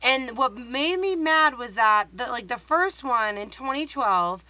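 Bright-voiced woman chatting casually. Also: fairly high pitch, measured pace, no room sound, rough recording. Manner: animated, swears freely, mimics characters. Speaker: podcast co-host. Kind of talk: casual movie recap chat.

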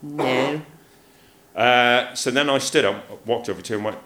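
Onstage at a theatre before a live audience, a comedian guest tells comic stories in an unhurried, medium-pitched voice. He's animated, acting out voices and laughing often, and the live recording carries a theatre's echo.

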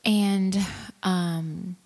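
A woman's voice: lowish voice, steady tone, drawn-out words, a little mellow, in a large hall. A woman rambling casually about her home brewing, with lots of fillers and restarts. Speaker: home brewer. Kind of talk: casual vlog chat.

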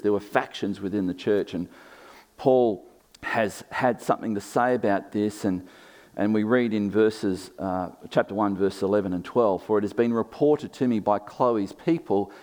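A man in his thirties preaching a sermon, expressive, moving between emphatic and quiet delivery. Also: fairly low pitch.

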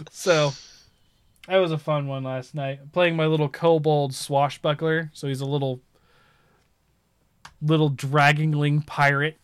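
A man chatting casually about games, rambling and animated as he tells stories. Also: fairly high pitch, normal speed, clear, resonant tone, no room sound. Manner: rambling, animated storytelling with laughs.

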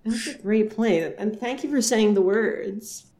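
A woman's voice: mid-range voice, unhurried, warm tone, a little hiss or hum. Give me a woman co-hosting a comedy podcast, rambling loosely. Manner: rambling, lots of fillers and riffing. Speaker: podcast co-host. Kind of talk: casual comedic chat.

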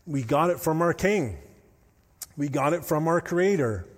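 A man preaching a sermon as pastor, telling stories with animated, rising intensity. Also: a little high, measured pace. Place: church hall. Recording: long hall reverb.

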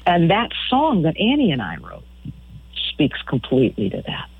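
Husky woman guest on a phone line. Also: low-pitched, huge pitch swings, moderate pace, dry recording. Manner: storytelling, frank, repeats words. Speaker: musician guest. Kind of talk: radio interview chat.

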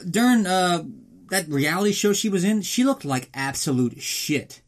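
A man hosting a podcast, recapping a film in a casual, sarcastic, profane way and slipping into quick mock voices. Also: high-pitched, sing-song. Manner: reads a mock ad in an upbeat announcer tone.

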